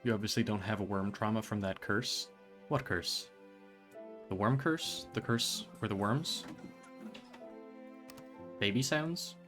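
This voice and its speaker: A man streaming a video game, chatting casually in a rambling, joking way, stumbling over his words and breaking into loud excited bursts. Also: lowish voice, a little slow, pauses often, over music.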